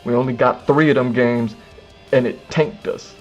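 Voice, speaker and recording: A man's voice: mid-range voice, moderate pace, lo-fi sound, soft background music. Man riffing through an imagined dialogue. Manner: animated storytelling, acts out both sides of an imagined dialogue. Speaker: streamer. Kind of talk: casual comedic rant.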